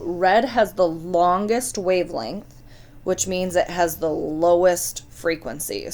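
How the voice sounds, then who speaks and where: A woman teaching a science lesson, talking casually and putting questions straight to her students. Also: fairly low pitch. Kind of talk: recorded classroom lesson.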